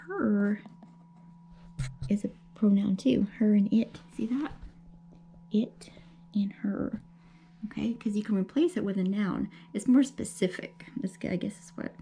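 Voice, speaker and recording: Patient teacher woman with a gravelly voice. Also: mid-range voice. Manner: gentle, patient, explaining slowly with many checks like okay. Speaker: elementary school teacher. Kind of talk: remote grammar lesson for young children.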